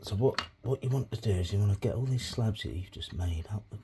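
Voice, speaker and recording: A man's voice: on the low side, quick pace, dark tone, slight background noise. A man making clay pots as he talks, rambling and swearing freely, often muttering asides under his breath. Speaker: crafting hobby vlogger. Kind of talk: casual crafting tutorial.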